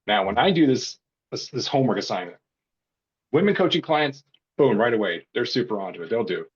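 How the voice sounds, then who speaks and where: A man, a burnout coach and podcast guest, telling stories in a casual, animated way and acting out the voices he quotes. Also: mid-range voice, brisk, slightly rough, dull audio. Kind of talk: casual storytelling.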